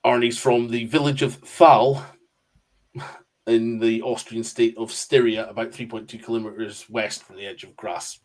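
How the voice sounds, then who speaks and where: A man's voice: mid-range voice, flat delivery, normal speed. Chatty man explaining. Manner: chatty, explains facts with fillers. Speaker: Eurovision expert guest. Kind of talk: casual chat.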